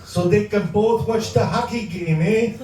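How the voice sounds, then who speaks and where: A man performing a stand-up comedy set on a club stage with a wry, deadpan delivery. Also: high voice, heavy background noise. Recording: echoey club sound from far off.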